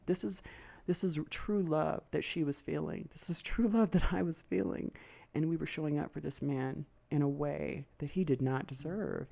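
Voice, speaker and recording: A woman hosts her own podcast, talking through a personal story with raw, profane anger. Her voice is dark and mellow, with a gravelly rasp that shows through. She vents and rants, now and then mimicking what others said. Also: sits low. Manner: profane, venting and heated, with quick mimicry of others. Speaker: podcast host. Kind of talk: candid storytelling monologue.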